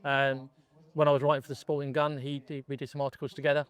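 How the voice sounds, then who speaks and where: A man's voice: mid-range voice, monotone, fast talker. A middle-aged man, a gun dog trainer from England, chatting casually as a podcast guest and telling his story with many restarts.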